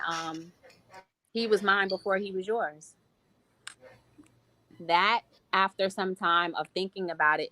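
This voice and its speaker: Podcast guest, woman in her thirties, bright lowish voice, heartfelt and reflective, dry close mic. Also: dry recording, rough recording. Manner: heartfelt, reflective, speaks in long flowing runs. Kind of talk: personal testimony in a podcast interview.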